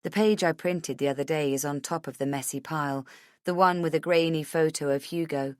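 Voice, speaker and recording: A woman narrating a suspense audiobook in the first person, measured and tense. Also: deep voice, a little mellow, smooth, no echo, studio quality.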